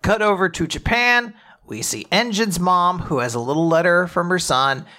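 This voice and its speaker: A man hosting a casual podcast, retelling manga chapters with animated storytelling and frequent laughter. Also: high-pitched, moderate pace. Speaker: podcast host.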